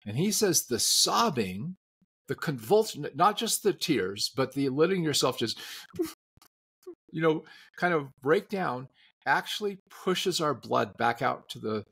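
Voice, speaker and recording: A man's voice: mid-range voice, a bit bright, slightly rough. A man hosting an interview, explaining things in an earnest, conversational way. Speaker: podcast host.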